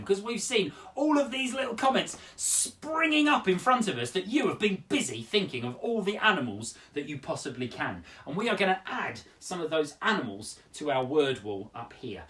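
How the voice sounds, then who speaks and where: A man's voice: fairly high pitch, fairly bright tone, distant mic. A man hosting a children's poetry show from home, playful and talking straight to young viewers as he leads word games and performs his poems. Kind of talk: live-streamed poetry workshop and performance for children.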